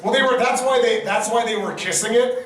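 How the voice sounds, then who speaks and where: A man's voice: very high voice, a little fast, a bit bright, a little hiss or hum. A man hosting a live comedy panel, reading bad fan fiction aloud with dry, wry asides and frequent laughs. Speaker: convention panel host. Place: convention panel room with audience. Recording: distant mic, echoey convention hall, audience.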